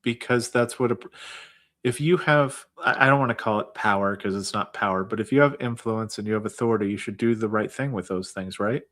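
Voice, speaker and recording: A man's voice: fairly low pitch, a little fast, fairly bright tone. A man who is a guest on a casual livestream, giving advice on veterans benefit claims. He explains things steadily and uses many fillers such as "I mean" and "like".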